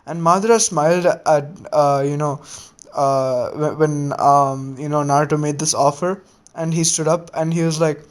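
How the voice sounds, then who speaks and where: A man's voice: fairly high pitch, steady tone, fairly quick. A man casually retelling a fan story, rambling with lots of filler words and restarts.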